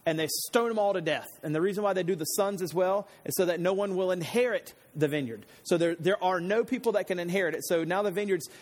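A man's voice: high-pitched, fast talker, hardly any pauses. A man preaching a casual Bible-teaching sermon, retelling scripture stories in everyday slang like a chatty storyteller. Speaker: pastor.

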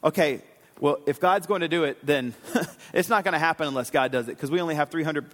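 A pastor preaching a sermon in a casual, rambling way, with fillers and self-corrections. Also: male voice, fairly high pitch, brisk, fairly bright tone. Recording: long hall reverb.

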